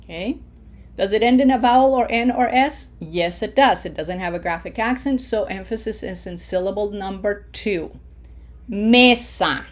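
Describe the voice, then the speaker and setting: A woman teaching a recorded online language lesson. She explains rules patiently, checks in with the listener by asking "okay?" often, and slows down to stress example words when she models pronunciation. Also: mid-range voice, darkish tone. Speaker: Spanish teacher.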